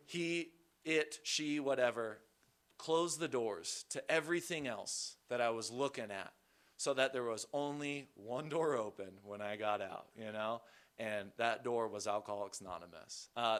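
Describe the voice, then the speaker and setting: A man with a bright, forward voice shares his recovery story with a group. He talks candidly and mocks himself, drifting loosely between thoughts with plenty of fillers. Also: medium pitch, normal speed. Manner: candid and self-deprecating; loose and rambling, many fillers. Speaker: recovery meeting speaker. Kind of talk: personal recovery testimony.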